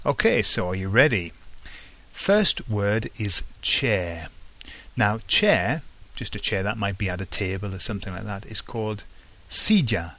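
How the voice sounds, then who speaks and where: A man's voice: on the low side, expressive, unhurried, fairly bright tone. A man teaching a podcast vocabulary lesson, patiently repeating each word and often checking in with "okay?". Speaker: language teacher.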